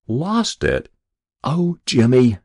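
A man voicing a tired, bewildered small-town mother who speaks to her son in a fretful, then gentle way. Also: mid-range voice, wildly swooping pitch, extremely slow, pitched above the performer's own voice, heavily acted. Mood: dismayed.

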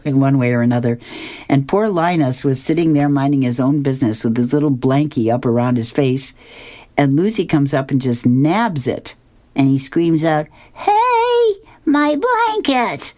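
Very low-voiced woman radio host. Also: dark tone. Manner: chatty, amused. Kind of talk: reading comics on air.

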